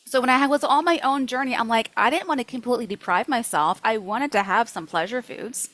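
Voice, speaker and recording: A woman nutrition coach teaching a workshop in a lively, chatty way, acting out her own thoughts. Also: fairly high pitch, a little fast, dry recording, low-quality recording.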